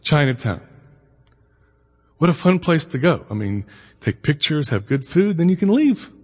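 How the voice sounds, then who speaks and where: A middle-aged man gives a chatty lecture, weaving anecdotes into his points and tossing rhetorical questions at his listeners. His voice sits slightly high for a man. A long hall reverb trails behind every phrase. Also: sing-song, unhurried, breathy edge. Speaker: lecturer on the Bible and immigration.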